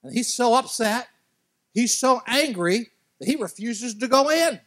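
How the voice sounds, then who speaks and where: A man preaching as a guest speaker at a church, telling a story with lively, animated delivery. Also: measured pace, no room sound. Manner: animated storytelling, acts out characters' quotes with big pitch jumps. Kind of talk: sermon.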